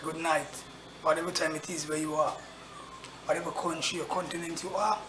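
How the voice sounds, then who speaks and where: A man giving a grave, impassioned address to the camera, slowly repeating rhetorical questions. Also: a little high, level tone, background noise. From Caribbean. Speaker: actor addressing his audience. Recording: roomy echo, faint ambience.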